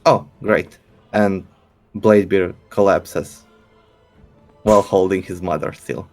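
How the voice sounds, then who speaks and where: A hesitant man at a tabletop game, stammering through his turns in a low voice. Faint music sits behind him. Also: steady tone, takes it slowly, darkish tone. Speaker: player.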